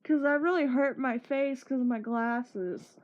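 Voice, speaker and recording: High-voiced woman telling a rambling story. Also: unhurried. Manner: rambling, swearing, laughing while telling a story. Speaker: streamer. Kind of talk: casual storytelling chat. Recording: muffled lo-fi stream audio.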